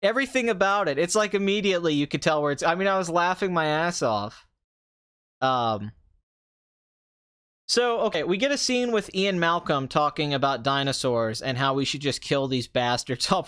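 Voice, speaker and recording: Host type, young man, sarcastic ranter, a bit high-pitched, casual commentary. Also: normal speed. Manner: sarcastic, ranting, animated with mocking asides. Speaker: movie review podcast host.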